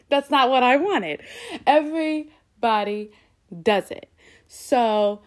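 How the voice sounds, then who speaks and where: A fairly high-voiced woman talks straight into the mic for her own podcast. Her delivery is loose and unscripted, with slang and cursing throughout. When she quotes other people, she briefly takes on their voices. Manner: candid, slangy and profane; animated, slips into voices when quoting people. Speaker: podcast host. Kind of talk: casual solo podcast monologue.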